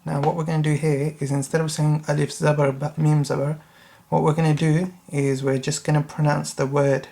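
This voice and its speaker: A man teaching beginner Quran reading. He spells out Arabic letters, recites each word slowly and carefully, and checks in with the learner. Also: on the high side, little pitch movement, gravelly, mellow. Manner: checks in with the learner with a frequent "yeah?". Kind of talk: slow tutorial recitation lesson.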